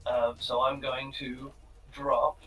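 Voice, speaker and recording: Halting man player, distant mic. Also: medium pitch, flat delivery, fairly bright tone. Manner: thinking aloud, halting. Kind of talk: casual tabletop game play. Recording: distant mic with faint music.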